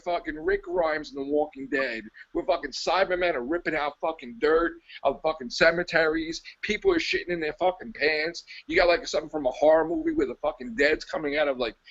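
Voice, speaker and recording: A high-voiced man rants with wildly swinging pitch and a gravelly fry. He is a podcast co-host, profane, exasperated and mocking. The audio is dull and lo-fi. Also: a bit bright. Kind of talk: ranting casual chat.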